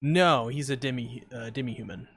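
A man's voice: mid-range voice, moderate pace, a bit bright, breathy edge, no echo. A man co-hosting a podcast in casual chat, jokey and rambling, reading out chat comments. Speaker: podcast co-host.

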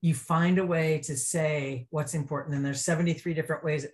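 A woman's voice: deep voice, fairly even intonation, a little fast, darkish tone. A woman guest on an interview podcast, a restaurant consultant, talking earnestly and with enthusiasm in casual chat.

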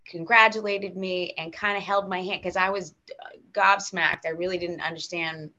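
Low, bright-voiced American woman storyteller. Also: moderate pace, dull audio. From United States. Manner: animated, emotional, full of restarts. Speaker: guest actor. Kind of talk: casual interview storytelling.

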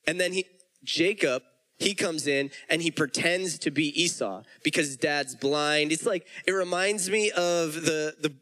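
A man's voice: fairly high pitch, a little slow, bright, forceful tone, rough recording. A man preaching a sermon, retelling the story in casual everyday speech with frequent restarts.

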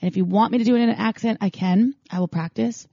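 A woman co-hosting a podcast in relaxed, easygoing casual talk. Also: medium pitch, quick pace, gravelly, breathy edge, no echo, muffled recording. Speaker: podcast co-host.

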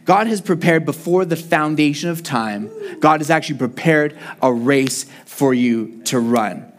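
A young adult man preaching a sermon, praying and telling a lively family story, sometimes shouting as he acts it out. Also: a little high, a little slow. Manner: animated storytelling, shouting when acting out his son. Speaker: pastor.

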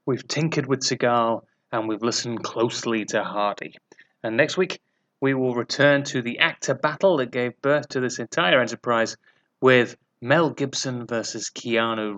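A man's voice: mid-range voice, fairly bright tone. A Northern Irish man hosting a quiz podcast, teasing his co-host and laughing often. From Northern Ireland. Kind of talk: casual podcast chat.

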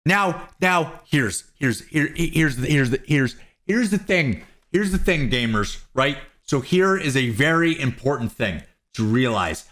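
A young man ranting in a commentary vlog, profane, excitable and mocking, addressing his viewers as bros. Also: mid-range voice, measured pace, hardly any pauses. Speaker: YouTube commentator.

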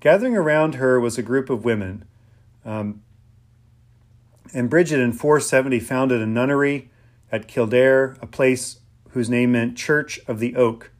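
A man from Pennsylvania preaching an informal, conversational sermon, with frequent pauses, ums and restarts. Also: medium pitch. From Pennsylvania, USA.

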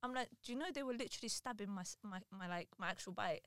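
A young woman, telling a story in a casual group chat, animated and full of slang. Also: medium pitch, fast talker, clear, resonant tone, no room sound, studio quality.

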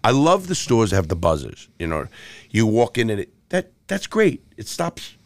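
A middle-aged ex-jewel thief guests on a podcast, telling stories in a relaxed interview with plenty of profanity, bluntness, and restarts. His fairly low voice shows huge pitch swings at a moderate pace, captured in a dry recording.

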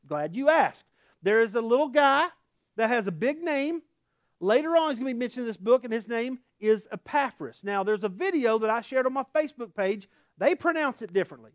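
A man with an Oklahoma accent preaching a casual, folksy sermon, his pitch swinging up and down with real animation. He drops into chatty asides and laughs at himself. The sound is close and dry, with no room echo. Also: lively intonation, a little fast. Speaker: pastor. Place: church sanctuary.

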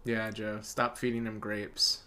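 A man's voice: fairly low pitch, unhurried, clear, resonant tone. Chatty man co-hosting a podcast. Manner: chatty, laughs often, animated storytelling. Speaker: podcast co-host. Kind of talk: casual podcast chat. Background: dog whining.

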